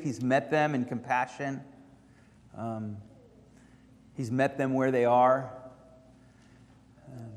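A man preaching a sermon as pastor, reflective and halting with frequent ums, lifting his voice when reading scripture aloud. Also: medium pitch, a little mellow. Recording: reverberant hall.

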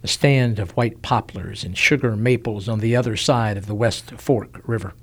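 A man narrating a historical story in a solemn, measured way with lingering pauses. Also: fairly low pitch, husky.

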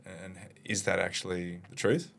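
A man's voice: low-pitched, little pitch movement, moderate pace, gravelly. A man from Australia, a mindset coach guest on a podcast, speaking reflectively and posing searching questions. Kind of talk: podcast interview.

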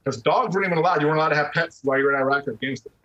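His voice sits a little high and sounds sharp, and he talks very fast, on a muffled recording with roomy echo. The man, a middle-aged army veteran, speaks candidly about his life in casual interview talk, blunt and conversational, dropping "man" and a curse here and there.

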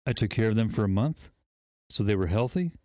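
A man's voice: on the low side, lively intonation, fairly quick, a little mellow, no room sound, clean studio sound. A man co-hosting a podcast, chatting casually, laughing often and poking fun at himself. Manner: laughing, self-deprecating, rambling with restarts. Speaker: podcast co-host. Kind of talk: casual chat.

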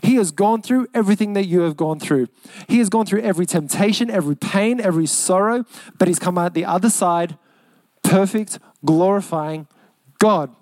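A young man with an Australian accent preaching a sermon as pastor, earnest, repeating lines for emphasis and slowing down on key phrases. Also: high voice, a little mellow, no room sound.

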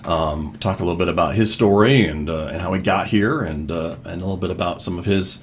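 A man's voice: deep voice, brisk, slight background noise. A man hosting a casual interview, chatty with many fillers. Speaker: radio host.

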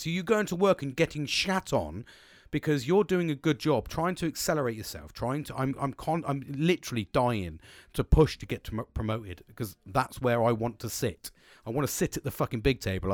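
A man's voice: mid-range voice, no room sound, clean studio sound. Blunt, foul-mouthed British man ranting. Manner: heavy swearing, blunt and boastful; jumps between mumbling and loud bursts. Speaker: vlogger. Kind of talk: casual rant, telling a work story.

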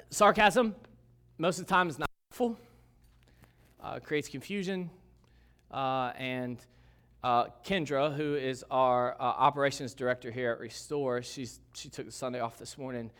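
A man's voice: mid-range voice, a bit bright. Joking, conversational man preaching a sermon. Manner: conversational preaching with jokes and asides. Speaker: pastor.

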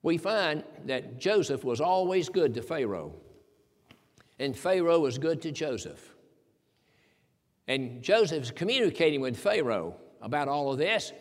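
A man's voice: a little high, big pitch swings, measured pace. A man preaching a sermon in a folksy, emphatic way, quoting scripture. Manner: folksy, emphatic preaching with King James quotes. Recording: long hall reverb.

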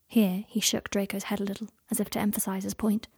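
A woman softly reading a romance story aloud in a hushed, narrating voice. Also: medium pitch, level tone, quick pace, hardly any pauses, breathy edge. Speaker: reader. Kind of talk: fan fiction audiobook reading.

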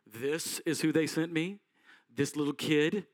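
A man's voice: fairly high pitch, fairly even intonation, measured pace, no room sound, studio quality, lightly acted. A man voicing an ancient king on his throne who mutters to himself in disbelief. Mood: disappointed.

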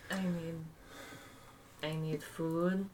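A woman playing in a tabletop game, talking in a slow, flat drawl. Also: low-pitched, background noise. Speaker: player.

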